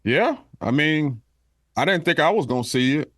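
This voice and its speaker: A man co-hosting a casual sports podcast, speaking haltingly with repeated words and relaxed slang. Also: fairly high pitch, no room sound, studio quality. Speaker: podcast co-host.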